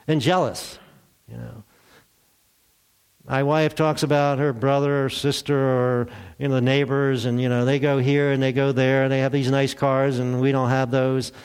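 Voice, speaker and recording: Conversational older male pastor preaching. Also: mid-range voice. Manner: conversational, self-deprecating, addresses the congregation directly. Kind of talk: sermon. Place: church.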